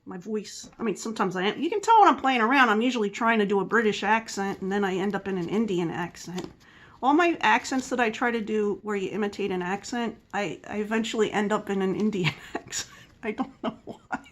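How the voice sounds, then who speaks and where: This middle-aged Philadelphia-area vlogger talks casually and wanders from topic to topic, often laughing at herself. Her accent mixes Philadelphia with the Southern US, and her medium-pitched voice moves a little fast.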